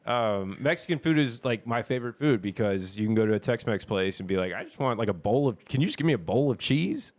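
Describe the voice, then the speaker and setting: A man's voice: medium pitch, lively intonation, fast talker, hardly any pauses, darkish tone. A man co-hosting a podcast, chatting casually and rambling through a story he retells with laughs. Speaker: podcast co-host. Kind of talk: casual chat.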